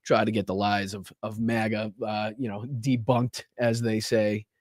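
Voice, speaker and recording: A man's voice: fairly low pitch, little pitch movement, normal speed, no echo, studio quality. Congested man hosting a live stream. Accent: Boston. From Boston. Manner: loose and profane, greeting chat viewers by name. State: congested with a chest cold. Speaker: podcast and live stream host. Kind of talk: casual live stream chat.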